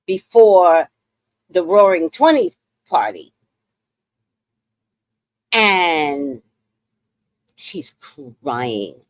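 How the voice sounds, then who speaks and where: A woman hosting a podcast, recapping a reality show in a casual, animated way and acting out what people said. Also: lowish voice, no room sound. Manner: animated, exclaims and acts out quotes. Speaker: podcast host.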